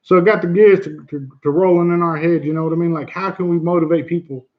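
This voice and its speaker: A man's voice: on the high side, steady tone, quick pace, muffled recording. A man hosting a casual livestream chat, earnest and blunt, who swears easily and repeats himself for emphasis. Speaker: livestream host.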